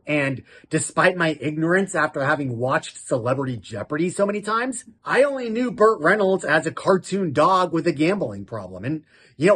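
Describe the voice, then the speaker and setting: A man's voice: on the high side, fairly bright tone, slightly rough. A man hosting a casual film review show, talking in a giggly, self-mocking way and often breaking into laughter.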